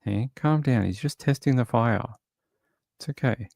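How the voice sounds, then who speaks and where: An Australian man who runs a livestream show, chatting casually and cooing softly to his cat at home into a desk microphone. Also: medium pitch, unhurried, vocal fry, no echo, clean studio sound. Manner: soft, chatty and rambling, coos at his cat. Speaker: true crime streamer. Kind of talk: casual chat during a livestream. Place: home, indoors.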